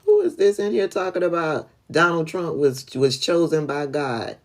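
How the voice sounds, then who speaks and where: A woman's voice: low voice, lively intonation, normal speed. A woman hosting a casual political livestream, blunt and profane, often laughing, speaking. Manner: blunt, profane, laughing, talks to chat viewers by name.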